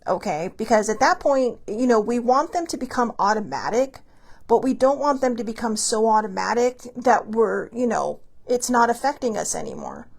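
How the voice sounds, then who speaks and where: A woman hosting her own show, talking casually and candidly, with animated asides and a bit of swearing. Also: fairly high pitch, vocal fry, slightly rough. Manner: animated, many quick asides. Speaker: podcast host. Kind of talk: casual solo talk.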